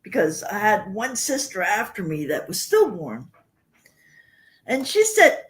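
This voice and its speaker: A woman's voice: mid-range voice, huge pitch swings, measured pace. An older woman hosting a livestream, chatting casually with viewers and rambling through personal stories. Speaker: livestream host.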